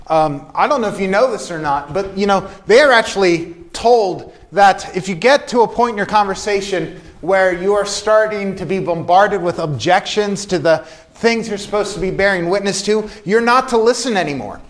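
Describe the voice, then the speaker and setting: A man's voice: high-pitched, expressive, moderate pace. A man preaching a sermon as pastor in a church sanctuary, earnest and emphatic, repeating key phrases.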